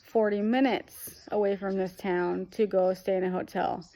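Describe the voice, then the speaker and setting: A woman's voice: mid-range voice, steady tone, moderate pace, warm tone. A young woman vlogger retelling a hard weekend in a rambling, emotional way, full of fillers. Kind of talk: casual storytelling.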